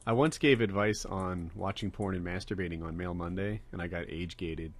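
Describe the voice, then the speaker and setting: A man hosting a casual podcast, animated and jokey. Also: sits low, fairly quick. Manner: animated, jokey, mimics others. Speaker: podcast host.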